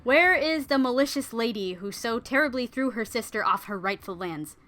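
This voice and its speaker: A woman's voice: fairly high pitch, expressive, normal speed, a bit bright, faint music behind. A woman voicing a cheerful, decisive male king who talks in a casual, upbeat way.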